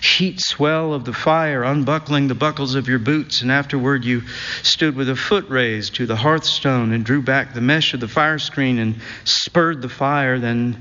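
A man reading literary fiction aloud in a slow, measured, reflective way, his voice at an ordinary pitch. The recording is dull and slightly muffled, and a long reverb trails behind each phrase. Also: sharp tone. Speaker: narrator.

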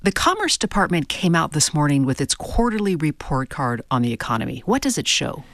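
A woman anchor introduces a story and questions a correspondent with a lively, rising and falling voice. The studio sound is dry. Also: sits low, a little fast, dry recording. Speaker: news anchor. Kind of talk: news interview.

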